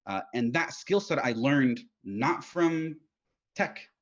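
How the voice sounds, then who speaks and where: Guest speaker, man, animated storyteller, mid-pitched, dull video-call sound. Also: slow. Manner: animated storytelling, many fillers and restarts. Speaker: guest speaker, test engineering lead. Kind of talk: casual career advice chat. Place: home, Utah.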